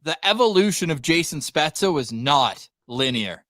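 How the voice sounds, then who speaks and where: A Canadian man hosting a live hockey stream, with a slightly high voice. He is playful and animated, and the sound is dry and close. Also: normal speed, no room sound. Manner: lively, playful, addresses the chat. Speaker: podcast host. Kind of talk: casual sports talk livestream.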